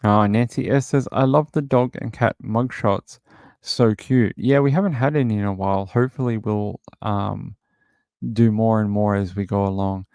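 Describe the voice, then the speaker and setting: Low gravelly man hosting a livestream. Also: fairly even intonation, normal speed, a little mellow, no room sound, studio quality. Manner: chatty, rambling, full of filler words. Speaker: livestream host. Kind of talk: casual chat reading viewer comments.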